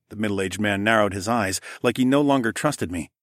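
Low-voiced male storyteller, dry sound. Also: a little fast, few pauses, no echo. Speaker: audiobook narrator. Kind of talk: first-person story narration.

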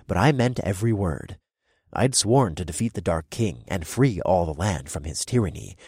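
A male audiobook narrator with a very deep, husky voice, reading first-person fiction in a brash, swaggering way. He is recorded close and dry, with no room sound. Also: a little mellow, no room sound.

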